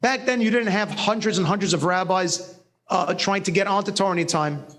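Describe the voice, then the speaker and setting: High-voiced man telling a joking story. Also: fairly quick, fairly bright tone. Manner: rambling, self-mocking, laughs often. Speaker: guest speaker. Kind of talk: humorous storytelling talk. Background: faint music.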